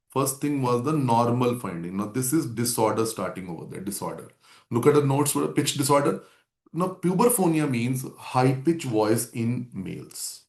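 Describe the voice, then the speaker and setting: A man gives a medical lecture and repeats the key points over and over for his students. His pitch sits in an ordinary middle range, and the room adds a noticeable echo. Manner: repetitive, drilling key terms. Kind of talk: classroom lecture.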